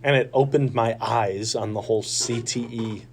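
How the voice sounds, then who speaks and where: A man's voice: mid-range voice, steady tone, moderate pace, husky. A young man co-hosting a campus radio movie show, laid-back with dry teasing. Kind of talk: casual chat.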